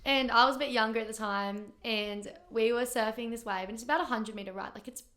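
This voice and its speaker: A young woman talking in a bright, somewhat high voice, loose and chatty with plenty of "like" and "um". She tells surf stories as a guest with easy giggles between thoughts. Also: fairly even intonation, quick pace. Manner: chatty and giggly, many fillers. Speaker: guest, pro surfer. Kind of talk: casual chat.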